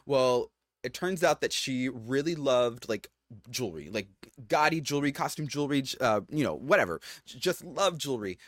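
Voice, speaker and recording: A man co-hosting a podcast, telling a story in a chatty way, full of fillers and lively swings in pitch. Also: normal speed, no echo, studio quality. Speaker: podcast co-host. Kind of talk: casual chat.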